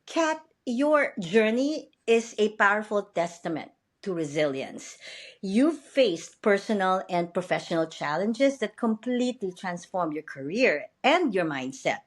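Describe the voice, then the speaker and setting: Podcast host, woman, animated pitch, encouraging and attentive interviewer. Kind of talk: interview hosting.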